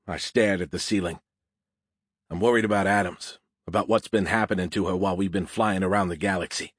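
A man's voice: deep voice, steady tone, a little fast, no echo. A man narrating a first-person audiobook in a plain, casual, dry manner.

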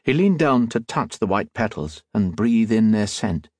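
A male audiobook narrator reads with expressive storytelling. His voice is low and husky with a lively, swinging pitch, recorded close and dry. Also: measured pace, no room sound. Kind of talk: scripted narration.

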